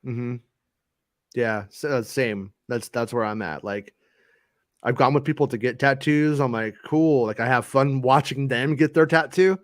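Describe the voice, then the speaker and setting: A man's voice: mid-range voice, no echo, studio quality. A man hosting a podcast, chatting casually with swearing and frequent laughs. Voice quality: swears freely, quick laughs. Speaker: podcast host. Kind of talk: casual profane banter.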